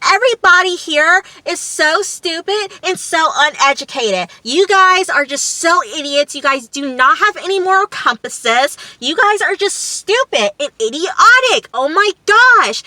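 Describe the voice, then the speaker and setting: A woman doing a shrill, furious young ranter. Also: expressive, measured pace, few pauses, bright, forceful tone, no echo, heavily acted, poor audio. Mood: furious ranting. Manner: shrill, screaming insults.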